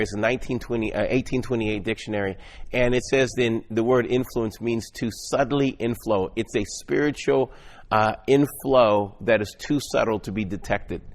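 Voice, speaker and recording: Earnest man giving a motivational sermon. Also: mid-range voice. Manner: earnest, exhorting, stumbles and repeats words. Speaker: motivational Christian speaker.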